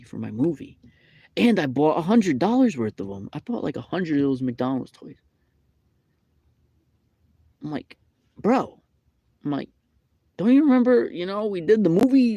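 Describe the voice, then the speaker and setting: A man's voice: mid-range voice, gravelly, dark tone, no echo. A man playing a grumpy real-life Sonic the Hedgehog, rambling through an aggrieved, repetitive complaint in an improvised comedic rant.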